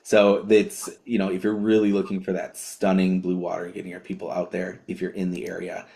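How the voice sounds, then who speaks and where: A man's voice: deep voice, monotone, brisk, gravelly, darkish tone. A man co-hosting a podcast, talking casually with many fillers and restarts. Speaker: co-host.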